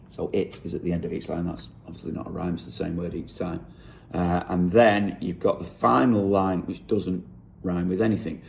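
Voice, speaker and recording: A songwriter explaining how he wrote a song lyric. He thinks aloud in an unhurried way and often corrects himself. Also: sits low, creaky, a little mellow.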